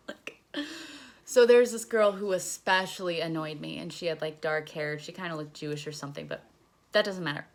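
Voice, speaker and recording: A woman's voice: on the low side, moderate pace, fairly bright tone. A young woman casually telling a story on her vlog, candid and profane, retelling events with animation. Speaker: vlogger.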